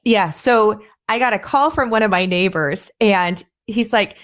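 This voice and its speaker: Animated woman telling a farm story. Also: measured pace. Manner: animated, acts out quoted voices with rising pitch. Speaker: podcast host. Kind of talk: casual conversational storytelling.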